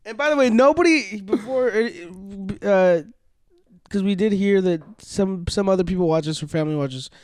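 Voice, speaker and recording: A man's voice: high voice, moderate pace, dry recording, clean studio sound. A young man co-hosting a comedy podcast, chatty and stumbling over his words. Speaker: podcast co-host. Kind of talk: casual comedic banter.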